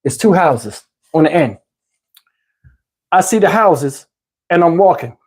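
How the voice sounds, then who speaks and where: Husky middle-aged guy spinning a street story, animated, keeps going "you know what i'm saying". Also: on the high side, takes it slowly. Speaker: YouTube storyteller. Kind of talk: casual storytelling.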